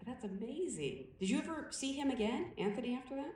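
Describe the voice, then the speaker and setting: A woman's voice: high-pitched, very animated, fairly quick. A woman moderating a panel Q&A, asking enthusiastic, admiring questions. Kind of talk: hosting a panel Q&A. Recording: echoey hall, distant mic, loud audience.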